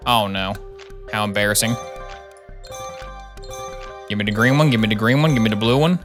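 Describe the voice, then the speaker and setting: A man's voice: on the low side, normal speed, over music. A man playing a game live, commenting in a playful, self-mocking way and reacting aloud. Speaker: game streamer.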